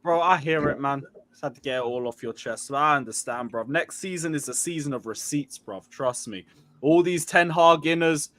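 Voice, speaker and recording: A man's voice: a little high, moderate pace, a bit bright. A man in casual fan chat on a panel, laid-back and teasing.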